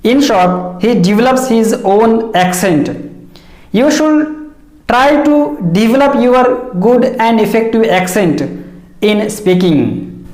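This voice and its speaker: A woman giving a measured, explanatory lesson, repeating key phrases. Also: a little high, expressive, a little mellow. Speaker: English teacher. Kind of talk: instructional lecture. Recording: echoey room.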